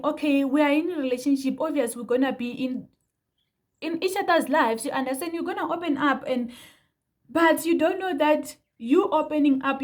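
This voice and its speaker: A South African vlogger in her youth addresses her viewers with heated indignation, hammering points through repetition in casual on-camera commentary, her voice high and a bit mellow.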